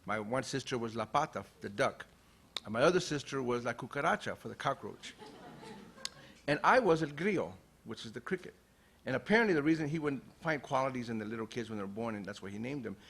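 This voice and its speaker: A man's voice: mid-range voice, a little hiss or hum. Man reading his poetry aloud. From Los Angeles, USA. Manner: relaxed and conversational when talking, measured and declamatory when reading verse. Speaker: poet. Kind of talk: poetry reading with spoken introduction. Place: university lecture hall.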